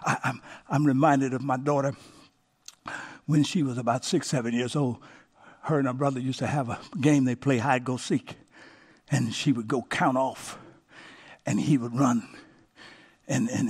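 Husky-voiced preaching man. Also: mid-range voice, fairly even intonation, normal speed, pauses often. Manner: call-and-response preaching, swings from hushed to shouting. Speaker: pastor. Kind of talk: sermon.

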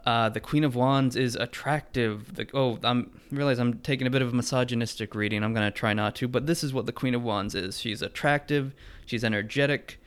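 Hesitant man with a smooth voice. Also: medium pitch, fairly even intonation, brisk, hardly any pauses, a bit bright. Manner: hesitant, dry, full of filler words. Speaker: podcast host reading tarot for callers. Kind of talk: casual chat.

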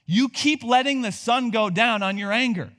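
A man's voice: very high voice, moderate pace, fairly bright tone. A man preaching a sermon in a conversational, joking style, with rhetorical questions to his congregation. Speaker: pastor.

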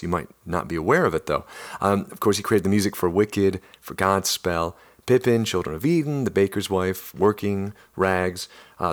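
A man's voice: low voice, normal speed. A man with a Midwestern accent, hosting a theater company's podcast and announcing its coming season in an upbeat, chatty way with frequent "uh" fillers. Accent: Midwestern American. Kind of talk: solo promotional podcast announcement.

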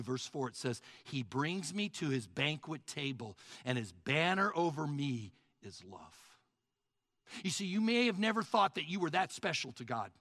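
A man preaching a sermon, telling a story in a folksy, animated way and calling his listeners folks. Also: a little high, dry recording, studio quality.

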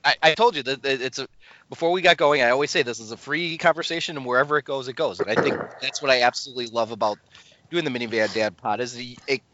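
This podcast host talks fast in a mid-range voice, with background noise behind him. In a casual, rambling chat he keeps restarting and running himself down, all captured on slightly dull lo-fi audio.

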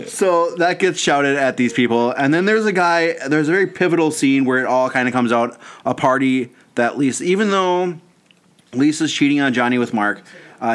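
A man co-hosting a podcast, telling a long story in a casual, animated way and often breaking into laughter. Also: medium pitch. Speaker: podcast co-host. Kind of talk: casual chat.

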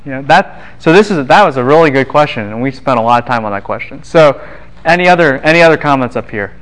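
A man giving a university classroom lecture in a relaxed, joking way, often acting out what other people would say. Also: mid-range voice, fast talker, rough recording. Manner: casual, quips and acts out voices of students and scholars.

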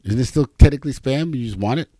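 A man's voice: mid-range voice, quick pace, no echo. A man hosting a casual comedy podcast, jokey and ranting. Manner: animated, jokey, rants. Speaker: podcast host.

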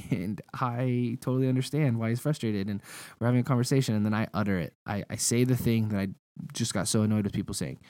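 A man's voice: mid-range voice, dark tone, no room sound. A young man preaching a sermon in a casual, conversational way, telling personal stories.

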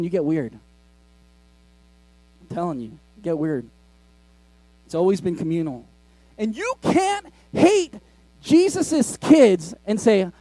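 A pastor preaching in a high, mellow voice, recorded dry and close. He keeps it conversational and jokes with the congregation, laughing at his own asides. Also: no echo. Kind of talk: sermon. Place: school cafetorium used as a church.

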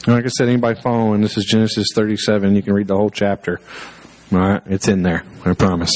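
A man's voice: fairly low pitch, level tone, fast talker, darkish tone, low-quality recording. A male pastor preaching a sermon through personal stories, conversational and self-deprecating, with fillers and restarts.

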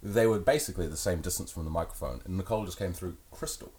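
A man's voice: deep voice, fast talker, a little mellow. A man appearing as a guest on a casual podcast, chatty and rambling.

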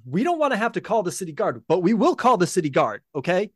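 A man's voice: sits high, big pitch swings, fast, husky, dry recording, studio quality, pitched above the performer's own voice, full character voice. A man voicing a pushy male militia officer who insists and repeats himself. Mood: blustering. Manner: insistent, repetitive.

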